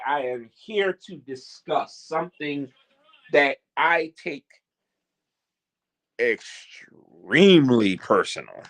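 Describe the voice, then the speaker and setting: Man, vlog host, slow drawn-out speech, joking, rambling, theatrical. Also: a little high, lively intonation, a bit bright. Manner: rambling, joking and self-deprecating, theatrical announcer openings. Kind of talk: casual vlog chat.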